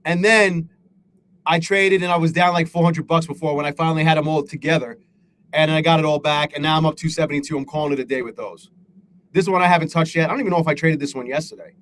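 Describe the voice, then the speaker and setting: A man's voice: fairly high pitch, steady tone, quick pace, fairly bright tone, slight background noise. A man hosting a live trading stream, rambling and swearing, hard on himself, greeting chatters by name. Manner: profane, self-critical, rambling; reads out chat names. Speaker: livestream host.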